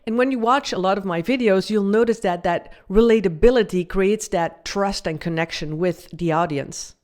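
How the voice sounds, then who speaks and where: A video host and communication coach delivers upbeat, scripted commentary on communication and confidence. Her mid-range voice is darkish and moderately paced.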